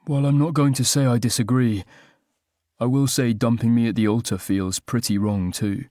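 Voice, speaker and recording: A man's voice: medium pitch, steady tone, moderate pace, warm tone, dry recording, clean studio sound. A man narrating a first-person romantic comedy audiobook with a wry, self-mocking comic delivery.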